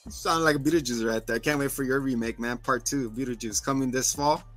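A man's voice: mid-range voice, fast talker, over music. A man co-hosting a podcast, animatedly recapping an episode and acting out the characters' lines. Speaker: podcast co-host. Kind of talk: casual recap chat.

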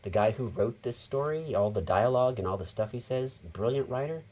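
American male voice actor, podcast guest, lively storyteller who acts out quotes; mid pitch. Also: fairly quick. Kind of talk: casual podcast chat.

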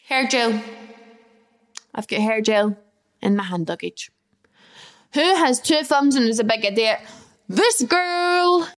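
A young woman in her twenties hosting a podcast from her flat, telling a story in a chatty, self-deprecating way. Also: on the high side, measured pace, pauses often. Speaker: podcast host. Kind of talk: casual storytelling monologue.

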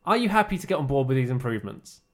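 A man's voice: mid-range voice, very animated, very fast. A man co-hosting a casual podcast, talking in a dry, teasing way. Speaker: podcast co-host. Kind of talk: casual chat.

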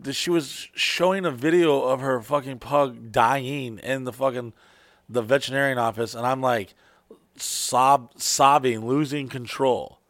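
A man's voice: medium pitch, a bit bright, no room sound. Profane, storytelling man, dry close sound. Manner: profane, storytelling, acts out quotes in voices. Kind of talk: casual chat.

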